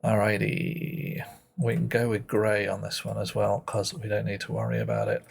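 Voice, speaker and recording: A man's voice: fairly low pitch, animated, unhurried, creaky, breathy edge. A man streaming a puzzle game live, thinking aloud in a playful way and muttering to himself as he works.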